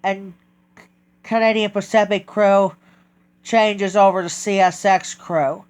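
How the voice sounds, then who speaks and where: A man talking casually in a vlog, halting and correcting himself often as he goes. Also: sits high, steady tone, clean tone. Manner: halting, with many restarts and self-corrections. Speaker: train video vlogger.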